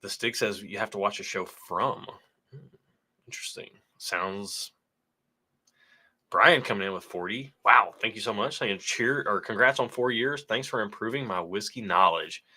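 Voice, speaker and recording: A low-pitched man with a bright, forceful tone talks casually on a livestream. He keeps a laid-back, joking manner while reading viewer messages aloud. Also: normal speed, breathy edge. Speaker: whiskey channel co-host.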